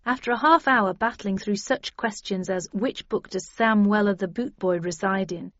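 A woman's voice: mid-range voice, dry recording, highs cut off. A woman reading a first-person story aloud, in a dry, wry manner. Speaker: audiobook narrator. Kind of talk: scripted first-person narration.

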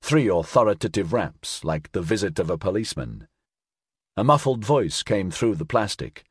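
A man narrating an audiobook with expressive storytelling. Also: on the low side, moderate pace, slightly rough, dry recording, studio quality.

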